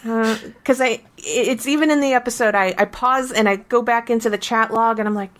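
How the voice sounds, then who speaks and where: A woman co-hosting a casual game podcast, telling her story with emphatic, animated restarts. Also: a little high, fairly quick, few pauses. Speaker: podcast co-host.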